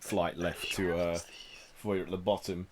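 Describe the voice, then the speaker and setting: A man from the United Kingdom narrating as game master, unhurried and full of ums and likes. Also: low-pitched, a crowd in the background. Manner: relaxed, hesitant narration with many fillers.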